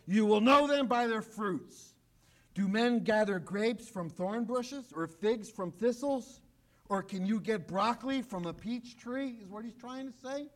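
The male pastor preaches with emphasis, circling back to key phrases and regularly falling to a low, hushed tone.

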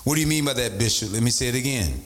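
A man preaching as a bishop, with a lively, swinging voice that leaps upward when he drives a point home. He repeats key phrases and calls out to the congregation in an animated sermon style. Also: rapid-fire. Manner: animated preaching, voice leaping up in pitch for emphasis. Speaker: bishop and pastor.

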